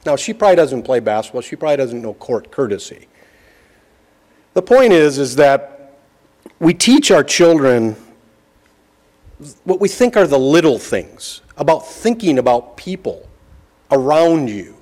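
A middle-aged man giving a sermon, telling a folksy personal story with slow, emphatic phrasing. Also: on the high side, big pitch swings, a little mellow. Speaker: preacher.

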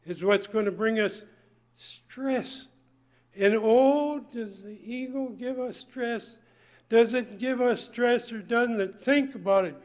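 An older man preaching a folksy sermon, emphatic and swinging between loud points and hushed asides. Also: high voice.

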